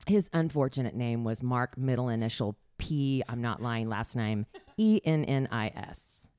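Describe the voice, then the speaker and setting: A woman's voice: rumbling low, unhurried, warm tone, clear, resonant tone. A middle-aged woman candidly telling her life story in a casual chat, laughing often and sometimes dropping to a near whisper.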